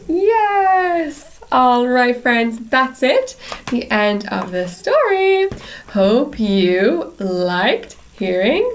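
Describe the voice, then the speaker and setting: A woman teacher reading a picture book aloud to young English learners, speaking slowly and clearly in a sing-song way, with many encouraging yeses. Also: fairly high pitch, sing-song. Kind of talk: slow read-aloud storytime for young learners.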